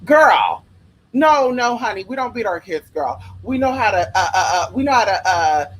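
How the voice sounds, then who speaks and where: Brassy, profane storyteller with wild pitch swings. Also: normal speed, slightly rough, rough recording. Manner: profane, sassy and animated, with big pitch swings; rambling, with side tangents. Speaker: spiritual worker. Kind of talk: casual storytelling to viewers.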